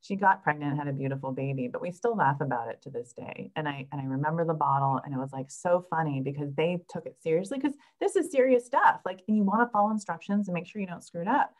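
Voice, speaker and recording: Low-voiced woman doctor chatting. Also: fast, few pauses, low-quality recording. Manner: chatty, animated storytelling with laughs. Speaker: reproductive endocrinologist, guest. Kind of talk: casual podcast conversation.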